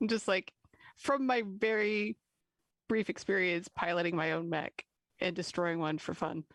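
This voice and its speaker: Giggly animated woman at a game table. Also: lowish voice, measured pace, dry recording. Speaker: player.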